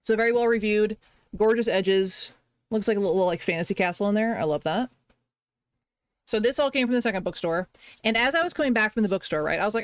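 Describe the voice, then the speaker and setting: A woman's voice: mid-range voice, quick pace, no room sound. A woman streamer chatting casually, rambling and gushing over the little things she enjoyed. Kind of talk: casual chat on a live stream.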